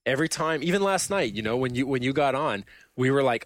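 A young man hosting a casual gaming podcast, telling animated stories and acting out quotes, with the odd swear word. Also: medium pitch, fast, no echo. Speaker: podcast host. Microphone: headset.

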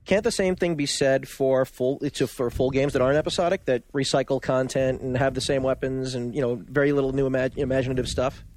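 A man co-hosting a casual gaming podcast and presenting the news segment, eager and quick with frequent restarts. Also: mid-range voice, fairly even intonation, darkish tone, slight background noise. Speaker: podcast co-host reading news. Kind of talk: casual panel chat.

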